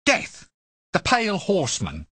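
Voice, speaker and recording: An actor playing a put-upon male wizard who talks in an exasperated, sarcastic, whiny way, with a husky voice. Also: high-pitched, wildly swooping pitch, unhurried, pushed and bright, full character voice. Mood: peevish. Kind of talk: video game voice acting.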